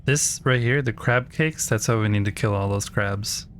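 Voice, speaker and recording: A man's voice: lowish voice, moderate pace, a bit bright, slight background noise. A man livestreaming a game, casually chatting with his viewers and teasingly talking to the creatures he meets.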